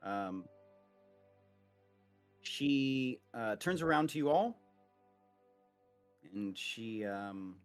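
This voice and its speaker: Slow, low-voiced male game master. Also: lively intonation, clear, resonant tone, soft background music. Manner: casual, rambling, many "like" fillers. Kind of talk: narrating a tabletop game.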